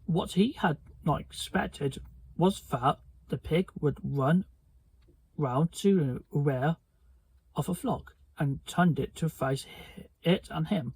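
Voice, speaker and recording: A man reads a children's storybook aloud slowly and carefully, stumbling over words now and then. His voice is husky and sits slightly higher than average. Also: a little mellow, dry recording, poor audio. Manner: slow, careful reading with stumbles. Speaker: storybook reader. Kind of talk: reading a children's book aloud.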